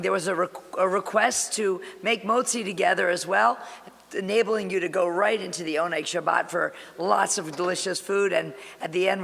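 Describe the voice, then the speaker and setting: A man leads a congregation in a high voice with a gravelly rasp. He gives calm, guiding instructions, and his voice rings with long reverb in a big sanctuary. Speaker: clergy leading the service. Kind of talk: service leading. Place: synagogue sanctuary. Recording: long reverb of a large hall.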